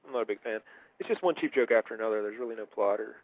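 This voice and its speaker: A man's voice: lowish voice, racing, no room sound, rough recording. A young man hosting a casual radio show, who chats enthusiastically in a rambling way. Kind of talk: casual chat.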